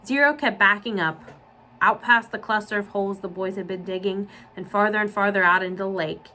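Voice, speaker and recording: A woman's voice: mid-range voice, a little fast, a little hiss or hum, poor audio. Librarian woman reading a story aloud. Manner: clear, steady storytelling. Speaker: children's librarian. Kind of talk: reading a novel aloud for children.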